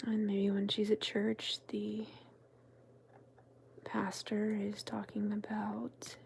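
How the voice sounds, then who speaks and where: A woman crafting-channel host who tells a meandering story in a soft, chatty whisper. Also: mid-range voice, monotone, slow pace, vocal fry, a little hiss or hum.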